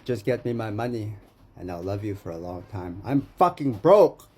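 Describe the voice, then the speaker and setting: A man's voice: on the low side, brisk, warm tone, breathy edge. A Canadian man delivering an agitated, profane rant to the camera, accusing someone and repeating his name.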